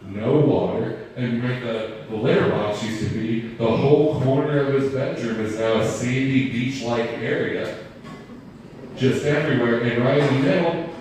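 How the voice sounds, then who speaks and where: A man's voice: medium pitch, darkish tone, slight background noise. A man doing a stand-up set, rambling and self-deprecating as he banters with the crowd. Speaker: stand-up comedian. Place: live comedy venue. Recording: roomy, distant live room recording.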